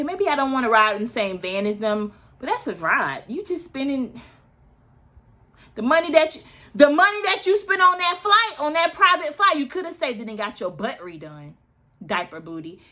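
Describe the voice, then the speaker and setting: A woman in her early thirties hosts a casual reality TV recap in a mid-range, fairly bright voice. She is chatty and opinionated, often turning aside to address her viewers.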